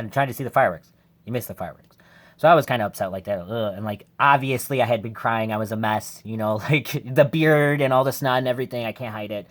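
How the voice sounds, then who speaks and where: A man vlogger telling a personal story in a casual, rambling way, candid and emotional, full of "like" fillers. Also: lowish voice. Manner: rambling, heavy use of "like" fillers.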